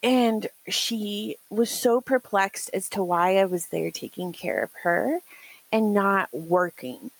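A young woman telling stories in a casual podcast chat, animated and laughing often, acting out what others said. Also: medium pitch, slow, gravelly, poor audio. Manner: animated, acts out quoted voices, laughs often.

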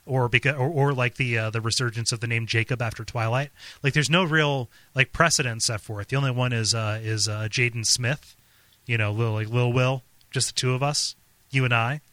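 A man's voice: mid-range voice, steady tone, moderate pace, sharp tone, no echo. A man co-hosting a podcast in casual chat, stammering and repeating his words and laughing often. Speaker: podcast co-host.

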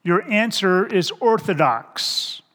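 A middle-aged man preaching a sermon as a pastor, in a slow, halting way that repeats words and poses rhetorical questions. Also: high voice, lively intonation, a bit bright. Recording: reverberant hall.

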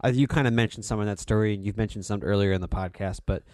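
A man's voice: on the low side, fast, a little mellow, no echo, studio quality. A man co-hosting a podcast, mostly agreeing with short replies and asking a question. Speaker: podcast co-host. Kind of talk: casual podcast chat.

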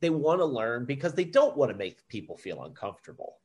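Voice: mid-range voice, sing-song, fairly quick, darkish tone. A podcast host in casual chat, adding thoughtful remarks to a guest's story.

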